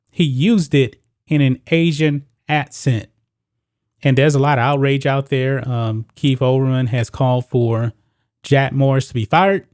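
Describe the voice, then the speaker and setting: A man's voice: medium pitch, darkish tone, dry recording, studio quality. A man hosting his own sports commentary video, talking straight to viewers and reading news quotes aloud.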